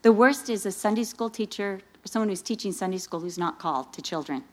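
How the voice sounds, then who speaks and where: A middle-aged woman preaching to a gathering of women. She weaves personal stories into her message and brings them to life, jumping up in pitch as she acts out what people said. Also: fairly quick, hardly any pauses. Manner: animated storytelling, acting out dialogue with rising pitch. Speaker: speaker at a women's Christian gathering. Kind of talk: sermon with personal story.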